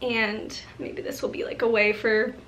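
Tearful young woman vlogging slowly. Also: a little high, level tone, a bit bright, lo-fi sound, a little hiss or hum. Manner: halting, tearful, many restarts and ums. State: on the verge of tears. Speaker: lifestyle vlogger. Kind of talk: emotional unscripted vlog talk.

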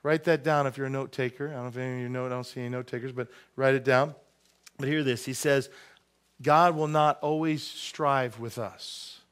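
A man's voice: medium pitch, little pitch movement, fast talker, clear, resonant tone. A male pastor preaching a conversational sermon with joking asides, in a church sanctuary.

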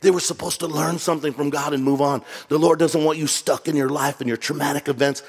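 Casting: male pastor, higher-pitched, animated storytelling sermon, long church reverb. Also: quick pace, husky. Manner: animated, jokey, acts out voices. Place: church sanctuary.

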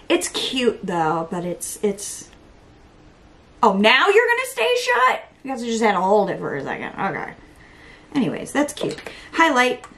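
A young beauty vlogger chats casually through a makeup tutorial in a mid-range voice, poking fun at herself, talking to herself and sometimes dropping to a whisper. The recording is rough, with slight background noise.

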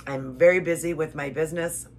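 A deep, steady-toned woman speaking fairly quickly leads prayer and scripture reading in an emotional devotional vlog that also includes eating. She's a keto vlogger talking earnestly to viewers at home, often repeating herself, with a little hiss or hum in the recording.

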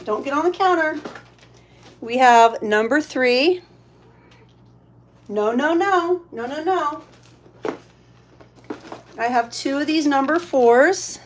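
A woman's voice: high-pitched, expressive, slow pace, long pauses. A woman hosting a casual live shopping stream. She is chatty, thanks each buyer and stops to coo at her pets.

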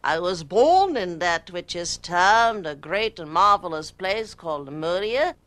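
A woman putting on an ancient, solemn male warrior spirit, speaking slowly and archaically in a put-on British accent. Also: on the low side, lively intonation, fairly bright tone. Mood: grand. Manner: slow, archaic, declaiming. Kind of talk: trance channeling performance.

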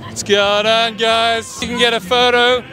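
A brash, cocky American footballer, as a man puts him on with a put-on American accent, his voice pitched high. He hypes himself up with playful swagger at an outdoor football venue. Music plays behind him. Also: level tone, a little slow. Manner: brash, self-promoting, playful. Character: impression of a tall American footballer, cocky and boastful. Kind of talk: street prank comedy.

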